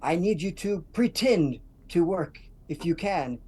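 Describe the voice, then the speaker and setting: A short halfling woman speaks to a crowd of freed captives in an earnest, urgent voice. A woman gives her voice at her own natural pitch. She lowers her pace to press each instruction home. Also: lively intonation, unhurried, mellow, breathy edge. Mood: urgent, pleading.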